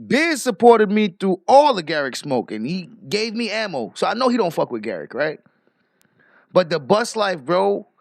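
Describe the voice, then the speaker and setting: A man hosts a livestream in casual, profane commentary. His voice is high and gravelly, and it swings widely up and down. It sounds close and dry. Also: dry recording. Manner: profane, animated, reads out donor messages. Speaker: livestream host.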